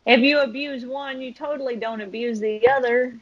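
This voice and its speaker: A woman's voice: fairly high pitch, fairly even intonation, moderate pace, muffled recording, crowd noise. A woman co-hosting a casual podcast, teasing and laughing often. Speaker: podcast co-host.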